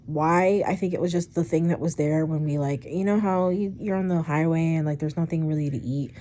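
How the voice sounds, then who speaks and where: A young woman casually retelling a personal story for her vlog, chatty and rambling, with frequent swearing and animated asides. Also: low-pitched, a little fast. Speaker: storytime vlogger.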